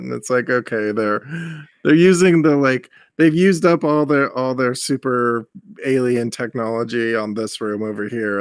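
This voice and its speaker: A man co-hosting a casual movie-review podcast. He talks in animated, long run-on explanations. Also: medium pitch, smooth, dry recording, clean studio sound. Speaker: podcast co-host.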